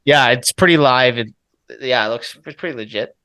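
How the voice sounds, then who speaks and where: A man co-hosting a casual podcast in a laid-back way, often trailing off softly. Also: medium pitch, normal speed. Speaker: podcast co-host. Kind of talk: casual chat.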